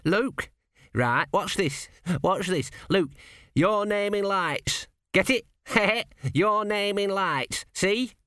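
A keen, cheerful young apprentice, as a male audiobook narrator puts him on, chirps up high with question after question. The voice sits well above the narrator's own. It is read in a dry, close booth. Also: big pitch swings, a little slow, bright, forceful tone, dry recording, heavily acted. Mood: joking. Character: plump eager young male apprentice, jokey. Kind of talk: audiobook character voice.

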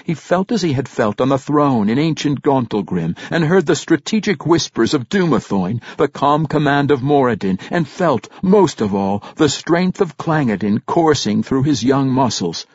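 A husky male narrator reading a fantasy audiobook, his pitch rising and falling dramatically through every sentence. The recording is close and dry with a slightly dull, lo-fi tone. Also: lively intonation, normal speed, hardly any pauses, darkish tone, dry recording.

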